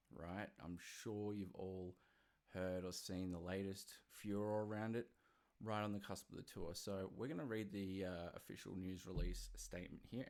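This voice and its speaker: A man's voice: deep voice, darkish tone. An Australian man hosting a podcast, reading music news in a rambling, casual way with self-deprecating asides into a desk mic. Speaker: podcast host. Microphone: desk mic with webcam.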